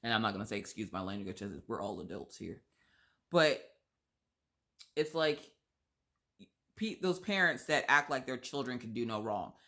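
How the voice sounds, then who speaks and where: A young adult woman telling a story in a casual chat while crocheting, blunt and sassy, acting out quotes with big pitch swings. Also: animated, moderate pace, long pauses, pushed and bright. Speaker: vlogger.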